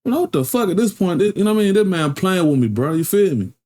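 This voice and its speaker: A man's voice: sits high, quick pace. Slangy man telling a street story. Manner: slangy, animated storyteller, frequent "you feel me". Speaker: reaction channel host. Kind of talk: casual storytelling reaction.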